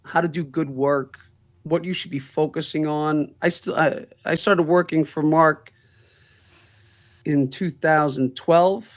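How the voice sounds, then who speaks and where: A man's voice: a little high, steady tone, a little slow. A man, a law firm's managing partner, telling stories in a casual interview, laughing through the funny parts.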